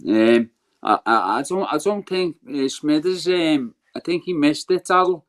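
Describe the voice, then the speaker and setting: Calm, reassuring man in a live chat. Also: fairly high pitch, unhurried. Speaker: guest on a live call.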